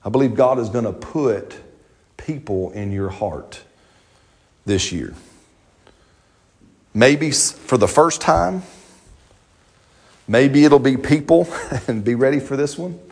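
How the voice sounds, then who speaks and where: Lively folksy male preacher. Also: medium pitch, takes it slowly, pauses often. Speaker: pastor. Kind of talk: sermon.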